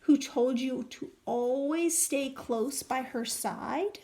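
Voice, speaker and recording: A woman voicing a big, furry male beaver in a storybook reading, slow and gruff but kind. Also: sits high, warm tone. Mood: kindly. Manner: grunting, slow.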